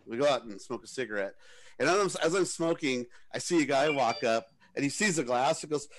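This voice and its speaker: A man's voice: medium pitch, expressive, brisk, a crowd in the background. A middle-aged man, a podcast co-host, telling a rambling story in casual chat. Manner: rambling, self-interrupting storyteller.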